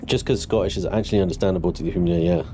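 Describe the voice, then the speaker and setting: A man's voice: fairly even intonation, very fast, warm tone, slight background noise. A young adult man from Britain casually chatting with viewers during a game livestream, laughing often and swearing freely. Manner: chatty, swearing, laughing, mock-indignant high squeals. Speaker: gaming livestreamer.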